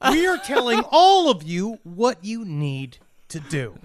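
A man's voice: high-pitched, wildly swooping pitch, slow pace, full character voice. Man doing a manic, grandiose killer. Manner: boastful, rambling, mock-authoritative. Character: grandiose delusional male killer on trial, manic.

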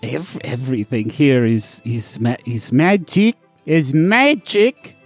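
A man's voice: medium pitch, animated, slow, no room sound, faint music behind. A man voicing a pushy female creature shopkeeper with whiskers, drawling and calling people darling. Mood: sultry. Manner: theatrical drawl, calls people darling and hun. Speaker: game master.

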